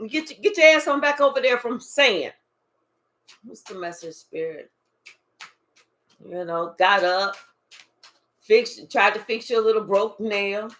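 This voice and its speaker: A woman's voice: on the high side, a little slow, fairly bright tone. A woman doing a tarot reading to camera, emphatic and profane, talking straight to the viewer and murmuring asides to spirit. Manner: emphatic, swearing, addresses the viewer directly. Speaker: tarot reader. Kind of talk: channeled card reading, casual and profane.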